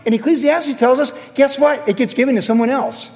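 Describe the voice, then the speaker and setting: A man preaching a sermon as a pastor, telling personal stories with animated swings in pitch and volume. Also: a little fast. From California. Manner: animated storytelling with sudden jumps in pitch and volume. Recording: long reverb from a large hall.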